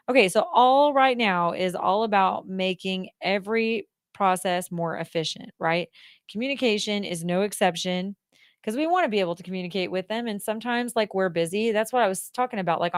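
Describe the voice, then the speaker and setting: A woman's voice: medium pitch, moderate pace, clear, resonant tone, no room sound, studio quality. A woman from the United States hosting a radio show, casual and jokey, laughing at herself as she chats. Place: radio studio.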